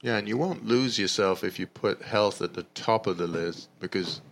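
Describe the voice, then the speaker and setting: A podcast co-host speaking calmly and reflectively in a casual chat. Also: low-pitched, normal speed, vocal fry, a little hiss or hum.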